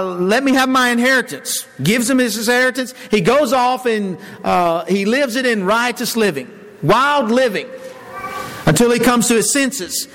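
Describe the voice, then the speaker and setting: A male pastor preaching a sermon in a conversational way, with fillers and quick self-corrections. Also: high-pitched, fairly bright tone. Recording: long hall reverb.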